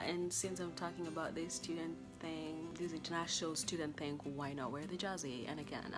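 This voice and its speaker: A young woman from Kenya with a Kenyan accent, a college student chatting to camera in a lively way about life abroad. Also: fairly low pitch. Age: young adult. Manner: chatty and expressive, acting out past conversations. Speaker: international college student vlogger. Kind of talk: casual vlog talk to camera.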